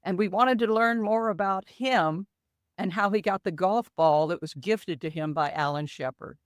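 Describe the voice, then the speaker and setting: Older woman guest, animated storyteller, dry close sound. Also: medium pitch, moderate pace, no echo. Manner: animated storyteller, acts out quoted dialogue. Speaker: co-author guest. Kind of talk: conversational podcast interview.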